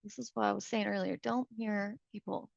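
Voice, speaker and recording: A woman's voice: mid-range voice, fairly even intonation, a little fast, vocal fry, dry recording, dull audio. A woman giving a live coaching talk to real estate agents in a chatty, conversational way, often checking in with her listeners and acting out short phone exchanges. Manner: acts out short phone exchanges in quoted voices.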